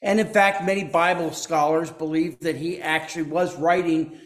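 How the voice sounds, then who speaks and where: A man's voice: a little high, steady tone, normal speed. A man preaching a sermon as pastor, speaking in a folksy way and joking with the congregation between points. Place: church sanctuary. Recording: echoey church.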